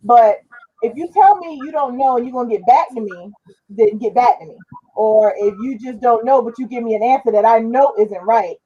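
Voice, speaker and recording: A woman's voice: fairly high pitch, normal speed, dark tone, slightly rough, highs cut off. A woman talking on a panel show in casual conversation, trailing off and restarting now and then.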